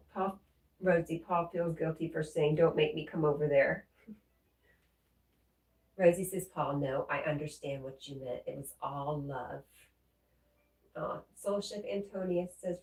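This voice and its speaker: A woman hosting a livestream, reading viewers' messages aloud and answering them in a gentle, comforting way. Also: low voice. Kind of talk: casual livestream chat. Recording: roomy echo, mic at a distance.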